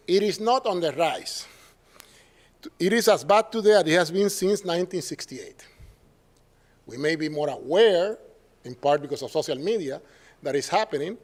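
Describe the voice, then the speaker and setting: A man speaking English with a Puerto Rican Spanish accent delivers a symposium lecture in a fairly high voice. He keeps it conversational and wry, tossing quick tag questions to his listeners between points. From Puerto Rico. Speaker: professor giving a symposium talk. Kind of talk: public lecture.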